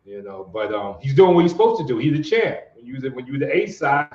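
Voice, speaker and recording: A man's voice: medium pitch, big pitch swings, fast talker, darkish tone. New man, easygoing host, echoey room, dull lo-fi audio. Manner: easygoing, drawled affirmations. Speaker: boxing show host. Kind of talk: casual chat, reading out viewer comments. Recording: roomy, dull lo-fi sound.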